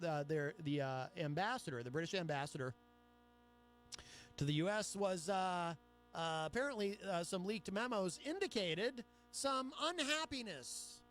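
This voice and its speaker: A high-voiced man hosts his own radio talk show, reading headlines aloud and breaking off into chatty, sarcastic asides. Faint music plays underneath. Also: a bit bright. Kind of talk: solo talk radio commentary.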